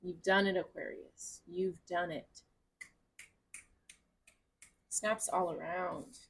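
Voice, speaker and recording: A woman's voice: lowish voice, steady tone, slow pace, a little hiss or hum. A woman giving a casual tarot reading to camera at home, gushing, chatty and encouraging, with the odd swear word. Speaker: tarot reader.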